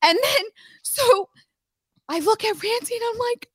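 A woman telling a story on a podcast in casual chat, animated and swearing often between bursts of laughter. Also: very high-pitched, slow, long pauses, slight background noise. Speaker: podcast co-host.

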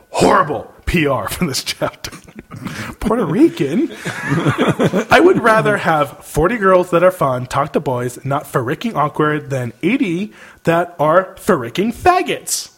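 A man's voice: on the high side, sing-song, measured pace, a bit bright, husky. A young man on a casual podcast, reading an email aloud with mock outrage and breaking into laughter between lines. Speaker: podcast co-host.

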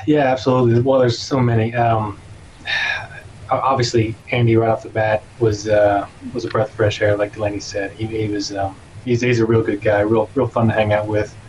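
A man's voice: fairly low pitch, flat delivery, moderate pace, darkish tone, a little hiss or hum, poor audio. A man recalling a hunt as a podcast guest, easygoing and a bit rambling. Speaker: guest, camera operator. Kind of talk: casual podcast chat.

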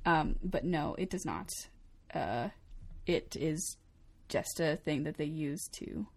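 A woman's voice: deep voice, slow pace. A young adult woman co-hosting a casual talk show, chatty, with frequent laughs and fillers. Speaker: co-host. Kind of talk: casual chat.

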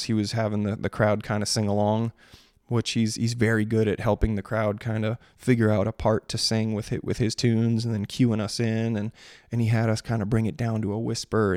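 A man's voice: on the low side, a little mellow, dry recording, studio quality. A man from Maryland, a singer-songwriter in his thirties, chatting casually and rambling, sarcastic about spam messages. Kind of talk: casual chat.

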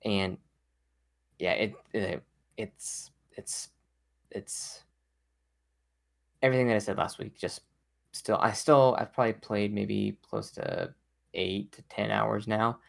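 An enthusiastic man co-hosting a casual podcast, with a gravelly, creaky edge to his voice. He talks in an animated, excited way. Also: lowish voice, measured pace. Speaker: podcast co-host.

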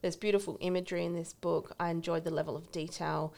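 A woman's voice: on the low side, level tone, fast talker, creaky, a little mellow. A woman co-hosting a podcast, chatting casually about books she has read and laughing often. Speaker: podcast co-host. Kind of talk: casual book chat.

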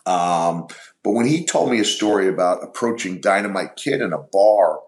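A middle-aged man telling stories on a podcast, rambling and halting as he searches for words. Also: low-pitched, lively intonation. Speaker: podcast guest. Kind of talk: casual storytelling.

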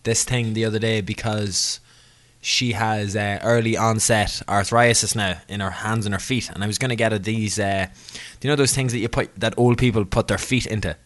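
A man's voice: on the low side, steady tone, moderate pace, fairly bright tone. Rambling jokey man. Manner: rambling, jokey, self-correcting. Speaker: podcast co-host. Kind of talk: casual chat.

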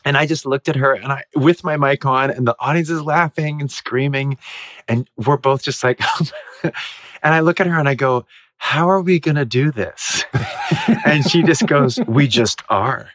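A man in his forties, a guest on an interview show, telling stories in a lively way and laughing often. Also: mid-range voice, moderate pace, no echo. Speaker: guest actor. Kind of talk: casual interview storytelling.

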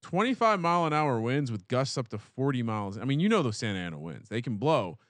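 A man co-hosting a sports betting show, rattling off stats with playful catchphrases and quick self-corrections. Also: mid-range voice, very animated, dry recording. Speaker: sports betting podcast co-host. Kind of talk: casual sports betting chat.

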